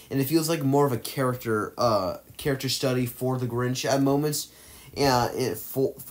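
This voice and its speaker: Rambling man ranking movies. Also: medium pitch. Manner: rambling, hesitant, often corrects himself mid-sentence. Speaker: movie tier list vlogger. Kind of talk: casual ranking commentary.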